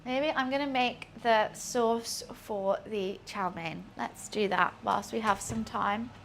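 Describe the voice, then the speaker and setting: A young woman talks her way through cooking in her home kitchen, musing aloud and swearing lightly. Her voice sits a little high and she speaks slowly. A faint hum of background noise sits under her voice. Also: creaky. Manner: chatty, swears casually, talks to herself. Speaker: streamer. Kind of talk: casual cooking livestream chat.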